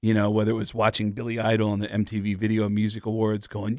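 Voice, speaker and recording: A man's voice: lowish voice, monotone, fast talker, darkish tone, no echo, studio quality. A middle-aged man, a comedian and impressionist, telling stories in a loose, casual way with plenty of fillers. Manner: loose storytelling with frequent fillers and laughs. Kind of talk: casual interview chat.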